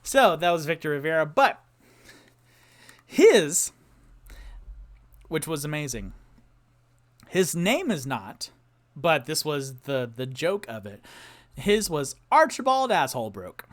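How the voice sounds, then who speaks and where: A man with a slightly high-pitched voice hosts a casual home stream. He talks loosely and playfully, jumping between stories and reciting silly rhymes for his audience. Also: takes it slowly, long pauses. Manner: animated, reciting playful rhymes and spelling games. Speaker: solo streamer host. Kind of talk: tipsy casual chat to a live audience. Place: home streaming setup with a noisy fan. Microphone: streaming mic.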